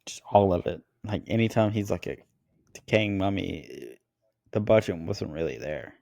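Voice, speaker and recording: Skeptical male co-host, low gravelly voice, dry close sound, deadpan disagreement. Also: normal speed, no echo. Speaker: podcast co-host. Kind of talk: casual movie review chat.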